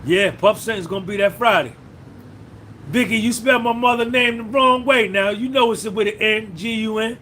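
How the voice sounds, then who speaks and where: A man's voice: high voice, moderate pace, pushed and bright, slight background noise. A man hosting a podcast livestream, talking casually and profanely, reminiscing and reading out viewers' names. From New Jersey. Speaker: podcast host.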